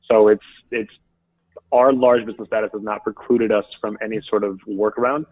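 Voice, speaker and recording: A man's voice: fairly low pitch, fairly even intonation, a little fast, no echo. A man speaking as a guest on a webinar, his voice nasal and stuffy from allergies. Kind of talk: webinar talk over the phone. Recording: tinny phone line, dry.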